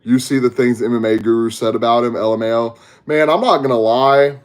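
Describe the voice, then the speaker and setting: A man's voice: medium pitch, steady tone, fairly quick. Laid-back Southern man chatting on stream. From Texas. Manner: laid-back, slangy, talks to chat. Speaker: podcast host. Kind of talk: casual livestream chat. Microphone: headset.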